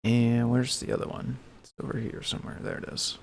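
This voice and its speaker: A man hosting a casual livestream, talking softly and a bit mumbled into a desk microphone. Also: mid-range voice, flat delivery, brisk, gravelly, slight background noise. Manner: mumbling, soft-spoken. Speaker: livestream host.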